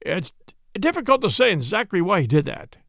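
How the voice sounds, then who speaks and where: A man's voice: sits high, sing-song, brisk, gravelly, a bit bright, no room sound, heavily acted. Male reader playing a self-assured inspector in a storybook, confident and matter-of-fact, dry close sound.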